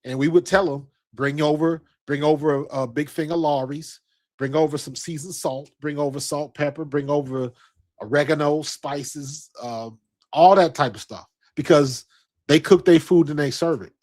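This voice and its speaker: A man's voice: a little high, steady tone, moderate pace, darkish tone. A middle-aged American man hosting a stream, chatting casually in a loose, rambling, slangy way with many restarts and asides. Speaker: sports stream host. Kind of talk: casual storytelling chat.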